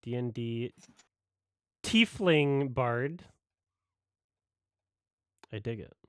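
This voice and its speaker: Smooth, dry-voiced man hosting a watch-along. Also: medium pitch, drawn-out words, dry recording. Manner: relaxed, offhand, with laughs and fillers. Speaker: host of a movie watch-along. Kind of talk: casual chat.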